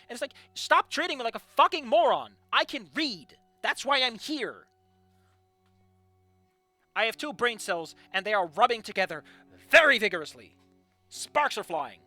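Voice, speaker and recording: A man's voice: very high voice, normal speed, no room sound, soft background music. A young man reading fan fiction aloud and critiquing it in a sarcastic, profane rant. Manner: animated, sarcastic, profane ranting.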